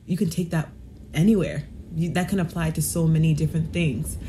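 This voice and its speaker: A woman's voice: sits low, fairly quick. A woman podcast host reflecting on a guest's story in an encouraging way. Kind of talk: reflective conversation. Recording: clear background noise.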